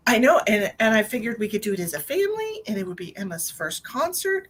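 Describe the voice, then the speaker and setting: A woman's voice: a little high, very animated, a little fast. A middle-aged woman hosting a live stream as a psychic medium, chatting in a rambling, bubbly way and laughing often. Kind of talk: casual live-stream chat.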